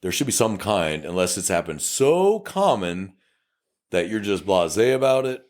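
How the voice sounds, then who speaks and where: A man with a South Texas accent tells a police story in a casual podcast chat. His voice sits low but swings widely in pitch. He swears freely and plays out the dialogue himself. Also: moderate pace. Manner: profane, animated, acts out dialogue. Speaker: podcast co-host, police officer.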